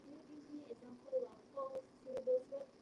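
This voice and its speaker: A woman's voice: very high-pitched, very animated, fast talker, reverberant. A woman serves as a panel examiner, asking direct, probing questions about a student's research. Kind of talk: questioning in a viva. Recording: distant mic with clear background noise.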